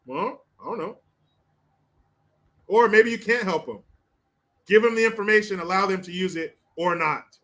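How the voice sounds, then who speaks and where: A man's voice: high-pitched, moderate pace, long pauses, a bit bright. An American man hosting a livestream. He reads chat comments aloud with crude, laughing, mocking banter. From United States. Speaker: host.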